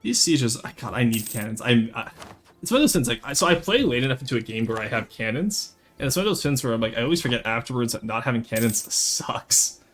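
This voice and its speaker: A man's voice: medium pitch, fast, slight background noise. A young man from rural Canada, giving live gameplay commentary and chatting with viewers. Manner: lively, chats with viewers while playing. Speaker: streamer.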